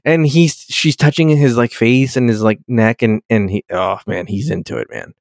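A man's voice: medium pitch, animated, moderate pace, vocal fry, dry recording, studio quality. A man casually recapping a TV episode, rambling and swearing, often saying "dude". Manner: profane and rambling, peppered with "dude". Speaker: podcast co-host.

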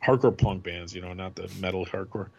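A man co-hosting a podcast, chatting casually with quick, stumbling restarts. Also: low voice, creaky, darkish tone, breathy edge. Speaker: podcast co-host. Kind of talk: casual chat about music. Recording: dull lo-fi audio.

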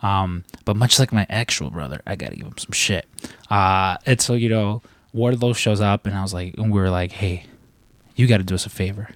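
A man's voice: fairly low pitch, moderate pace, a bit bright, no room sound. A young man hosting a podcast, telling a rambling story with lots of fillers, restarts and casual swearing. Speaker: podcast host.

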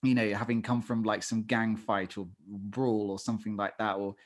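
A man's voice: fairly low pitch, little pitch movement, moderate pace. A man co-hosting a podcast, chatting casually with lots of fillers and self-corrections. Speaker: podcast co-host. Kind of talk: casual chat.

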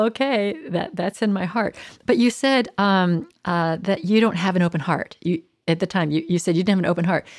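A woman podcast host with a slightly low voice asks questions and affirms her guest enthusiastically. Her voice is recorded dry and close, with no room sound. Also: a little mellow, no echo. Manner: enthusiastic, affirming, quick to agree. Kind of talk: interview chat.

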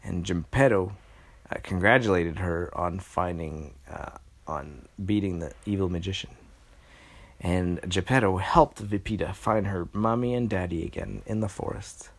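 Man spinning a bedtime story off the cuff; low, creaky voice, pauses often to think. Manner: halting, with many pauses and fillers.

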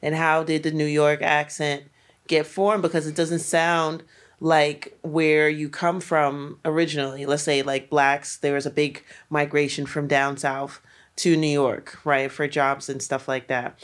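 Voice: mid-range voice, flat delivery, a little slow, fairly bright tone. A podcast co-host in casual chat, rambling and musing, with frequent filler phrases.

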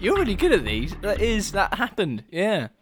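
A man's voice: high-pitched, huge pitch swings. Giggly man with music behind. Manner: giggly, joking, quick reactions. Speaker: podcast co-host. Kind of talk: casual fact-or-fiction quiz chat. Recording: music playing under the voices.

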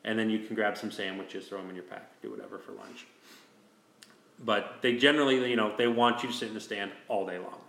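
A man's voice: fairly low pitch, fairly even intonation, brisk, vocal fry, a bit bright, reverberant. A man telling a long story in casual chat, rambling with restarts and fillers. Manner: rambling, with many restarts and "you know". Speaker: host telling a hunting story.

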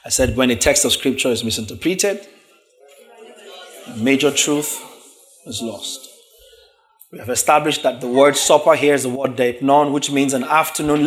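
A man's voice: mid-range voice, a bit bright. A man preaching a sermon, reading scripture verses aloud and explaining word meanings, often checking in with the congregation through questions.

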